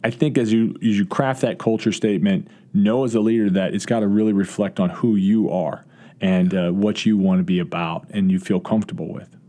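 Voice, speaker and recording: Fast-talking low-voiced coach. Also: male voice, steady tone, warm tone. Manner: quick, earnest talk with restarts and fillers. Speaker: college football coach. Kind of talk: podcast interview.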